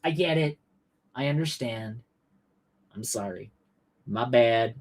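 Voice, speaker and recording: Speaking slowly in a mid-range voice, this man hosts a political livestream. He rants sarcastically and with animation, swearing heavily and feigning outrage in profane political commentary.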